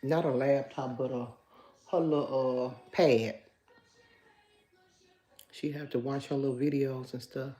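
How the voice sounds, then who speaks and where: A Memphis woman hosts a casual livestream in a rumbling low, dark-toned voice, keeping a steady tone and an unhurried pace with long pauses. Speaking in a country Memphis Southern accent, she chats and answers viewer comments out loud.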